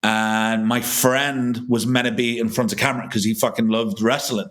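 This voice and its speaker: A man's voice: medium pitch, fairly even intonation, normal speed, fairly bright tone. A man, a filmmaker guest on a podcast, telling a long casual anecdote full of swearing and restarts.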